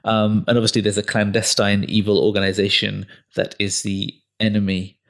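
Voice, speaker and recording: A man with a somewhat low voice hosts a relaxed podcast conversation. He talks in an opinionated way, hesitating often with ums, and throws in sarcastic little jabs. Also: normal speed. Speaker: podcast host. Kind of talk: casual chat.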